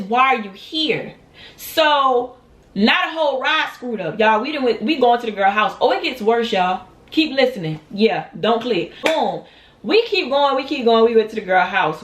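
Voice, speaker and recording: A young woman, telling a dramatic storytime straight to her viewers and acting out what people said. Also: on the high side. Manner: dramatic, talks straight to viewers, acts out quotes. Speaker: storytime vlogger. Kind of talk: animated storytime vlog. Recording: roomy echo.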